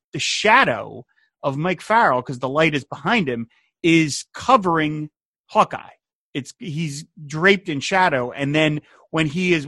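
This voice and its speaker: On a podcast with no echo, a male co-host with a fairly high voice casually recaps a TV episode. His retelling is animated, and he quotes the characters in playful voices.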